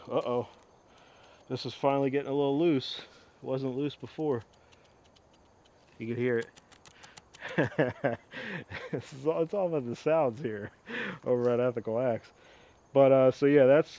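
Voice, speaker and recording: A man's voice: medium pitch, darkish tone. Rambling man on a lo-fi recording. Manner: rambling and enthusiastic, with frequent asides. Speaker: host of an axe restoration channel. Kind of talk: casual show-and-tell vlog.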